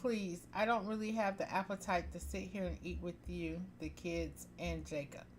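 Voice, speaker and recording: A woman reading a story aloud, voicing a sarcastic, resentful father with a low-key, grudging manner. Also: fairly even intonation, moderate pace, slight background noise, natural voice.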